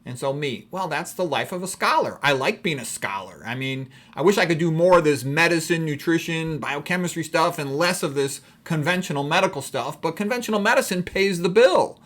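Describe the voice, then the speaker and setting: A man's voice: on the high side, animated, fairly quick, few pauses, a bit bright. A middle-aged man from Chicago, a doctor, talking through a casual personal monologue in a rambling, wry and frank way.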